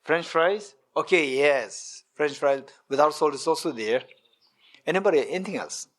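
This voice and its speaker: Middle-aged man, Buddhist retreat teacher, a bit high-voiced, repetitive and questioning. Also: normal speed. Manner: repetitive, questioning the audience, animated with gestures. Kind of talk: dharma teaching to a retreat audience. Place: meditation centre hall.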